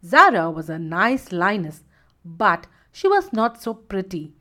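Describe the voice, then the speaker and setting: A woman's voice: mid-range voice, very animated, a little slow, bright, forceful tone. A woman narrating a children's animal story and giving every character a voice of her own.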